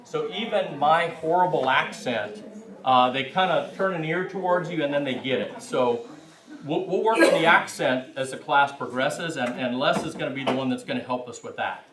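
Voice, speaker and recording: A friendly man teaches a room full of adult learners, his voice a touch high for a man. He is picked up from a distance, and the big hall rings around him. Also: moderate pace, a crowd in the background. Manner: friendly, laughs with the group. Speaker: language class leader. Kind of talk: classroom teaching. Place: large echoey meeting hall. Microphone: distant room mic. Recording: echoey hall from far off.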